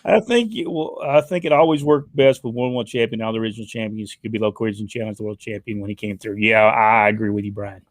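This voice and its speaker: This co-host talks fast with hardly any pauses, his voice fairly low and free of echo. The podcast is casual chat, and he wanders from point to point in a homespun style, often breaking into laughter.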